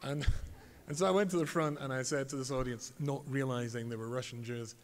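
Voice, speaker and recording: Wry rabbi telling stories. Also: male voice, mid-range voice, steady tone, fairly quick. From England. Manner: wry, self-mocking, tells jokes and does voices. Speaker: rabbi, lecturer. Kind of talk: humorous storytelling lecture. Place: convention hall. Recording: reverberant hall, faint background noise.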